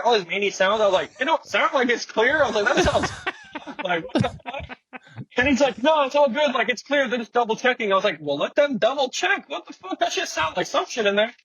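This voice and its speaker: A man's voice: high voice, fairly bright tone, breathy edge, dry recording, muffled recording. A young man, a skateboarding guest, telling a story in a slangy, profane way and acting out the quotes. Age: young adult. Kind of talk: animated storytelling with quoted voices. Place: podcast studio.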